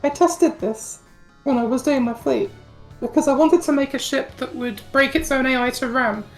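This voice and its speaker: Giggly high-voiced woman casting a tournament. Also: normal speed, faint music behind. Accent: mix of Yorkshire and South African. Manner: giggly, rambling, often loses her words. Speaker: tournament co-caster. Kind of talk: live game-tournament commentary.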